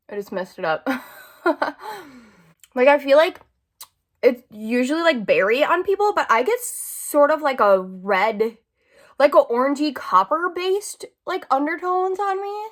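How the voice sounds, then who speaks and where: Brief: a high-voiced woman in her twenties, a casual, chatty vlogger telling a story. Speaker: beauty vlogger. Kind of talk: casual chat.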